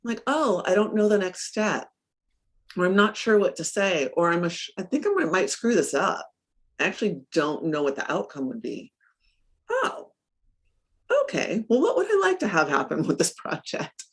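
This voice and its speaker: A middle-aged woman coach in a casual interview, telling stories with lively acted-out quotes and frequent laughs. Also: lowish voice, moderate pace, breathy edge. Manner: animated storyteller, acts out her own quotes, laughs often.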